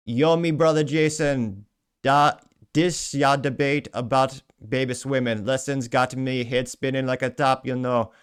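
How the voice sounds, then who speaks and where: A man's voice: mid-range voice, fairly even intonation, smooth, lightly acted. A man putting on a mock Jamaican-accented voice. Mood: playful. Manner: drawn-out, sing-song, clumsy put-on accent.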